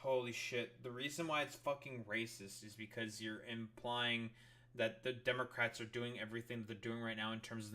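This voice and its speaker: A man's voice: lowish voice, pushed and bright. A man streaming, reacting to political news clips with angry, profane commentary.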